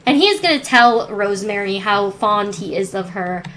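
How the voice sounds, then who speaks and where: A woman's voice: mid-range voice, expressive, normal speed, fairly bright tone, slight background noise. Chatty woman narrating a life-sim game. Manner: chatty, thinking aloud with restarts. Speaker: gameplay narrator. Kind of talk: let's play commentary.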